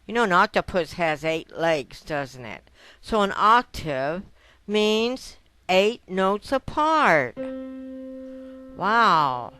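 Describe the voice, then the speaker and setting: Woman piano teacher, slow unhurried speech, patient, counts notes aloud, piano notes in between. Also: on the low side, very animated, sharp tone, clear, resonant tone, no echo. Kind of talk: piano lesson. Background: piano notes played between phrases.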